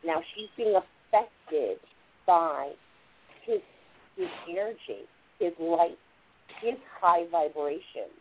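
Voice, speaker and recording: A woman's voice: lowish voice, animated, slow pace, pauses often, slight background noise. A woman hosting a spiritual radio show, explaining things in a rambling, casual way and often saying "like" and "literally". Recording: tinny phone-line radio audio.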